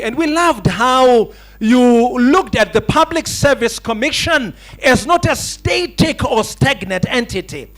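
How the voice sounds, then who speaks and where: A man's voice: extremely high pitch, animated, measured pace, few pauses, fairly bright tone. A man, hosting an awards night with ornate, grandiloquent wording and a playful storytelling style. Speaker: master of ceremonies. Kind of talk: humorous speech at an awards night. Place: banquet hall at an awards night.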